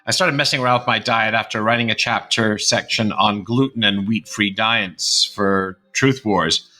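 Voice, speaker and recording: A man's voice: lowish voice, moderate pace, sharp tone. A man in his fifties hosting a podcast, chatting casually and rambling through a closing monologue. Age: 50s. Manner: chatty, rambling, shifts between accents. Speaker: podcast host.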